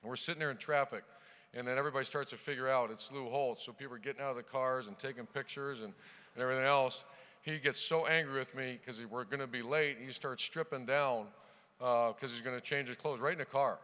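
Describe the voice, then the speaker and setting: A middle-aged man from Ohio giving a keynote speech, telling punchy anecdotes from the podium with loud bursts when he starts a new chapter. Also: mid-range voice, steady tone, quick pace. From Ohio, USA. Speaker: keynote speaker, football coach. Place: large banquet hall. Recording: long reverb of a large hall.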